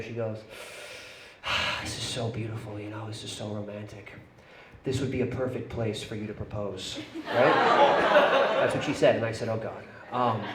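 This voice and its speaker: Fast-talking young male stand-up comic. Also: medium pitch, slight background noise. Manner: fast, profane storytelling, tags lines with "right?". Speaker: stand-up comedian. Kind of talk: stand-up comedy set. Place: comedy club stage with a live audience. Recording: echoey club with audience laughter.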